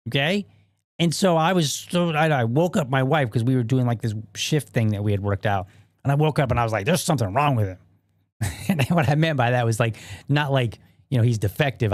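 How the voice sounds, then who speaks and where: Solo podcast host, male, middle pitch; loose, rambling storyteller who pokes fun at himself, recorded dry. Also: dry recording. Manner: rambling, self-deprecating storytelling with many fillers and restarts. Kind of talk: casual solo podcast monologue.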